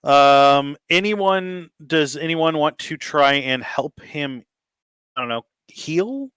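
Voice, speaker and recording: A man's voice: on the high side, takes it slowly, clean tone, no room sound. Easygoing man running a tabletop game. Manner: relaxed, full of ums and uhs. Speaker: game master.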